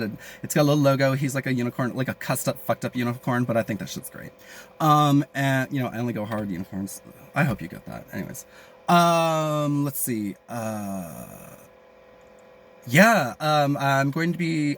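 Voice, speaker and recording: A man rambling crudely and jokingly in a casual vlog, with many fillers and asides. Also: mid-range voice. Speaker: vlogger.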